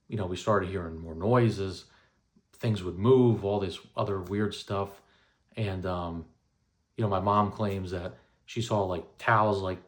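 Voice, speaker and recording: Man, 30s, low voice, casual storytelling, rambling with fillers. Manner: rambling, many fillers and restarts.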